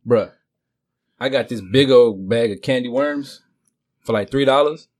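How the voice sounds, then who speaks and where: A man in a casual group chat, telling things in an animated, slangy way. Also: medium pitch, normal speed.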